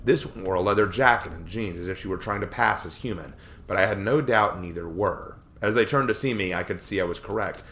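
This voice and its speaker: A man reading aloud a first-person story he wrote himself, in a measured, expressive narrating manner. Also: deep voice. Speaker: storyteller reading his own fiction.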